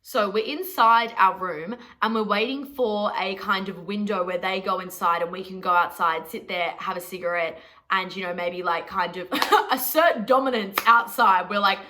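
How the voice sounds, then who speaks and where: A woman's voice: medium pitch, normal speed, slight background noise. A young Australian woman telling a story to camera in a chatty, sweary, self-mocking vlog. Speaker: vlogger.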